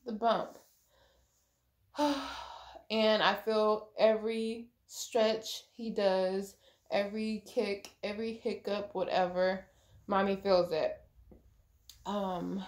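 A young woman vlogging a casual pregnancy update, chatty and gushing, with lots of ums and likes. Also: mid-range voice. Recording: echoey room.

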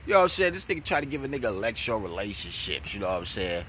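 Rapid-fire and sing-song, a young battle rap commentator with a New York accent rants mockingly and profanely about a battle rapper in his vlog. He jumps from loud jabs to low mutters over a little hiss or hum.

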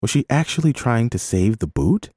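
A man reading a novel aloud in a measured, expressive way, as an audiobook narrator. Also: medium pitch, husky, no echo, studio quality. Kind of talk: scripted narration.

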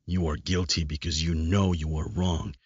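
A man voicing a gruff, scolding male inner wolf in an audiobook, growling insults. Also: low-pitched, level tone, normal speed, dry recording. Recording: dull lo-fi recording.

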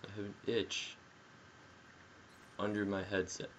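A young man giving casual, jokey commentary while playing a game, yelling at the action and talking through a headset mic. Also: on the low side, slow. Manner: excitable, jokey, yells at the game. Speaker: gameplay commentator. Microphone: gaming headset. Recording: dull headset audio with faint noise.

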